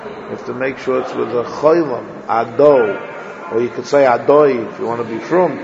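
A man giving a religious lecture to a class, sounding out Hebrew words slowly and repeating them to show how they should be said. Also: medium pitch, gravelly, background noise. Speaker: religious teacher. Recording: lo-fi echoey hall recording.

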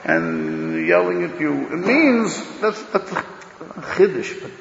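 Gravelly man giving a Torah lecture. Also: high voice, wildly swooping pitch, takes it slowly, slight background noise. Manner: emphatic, swings between loud declarations and muttered asides; talks loudly, says he is hard of hearing. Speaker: rabbi giving a Torah class. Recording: dull echoey hall recording.

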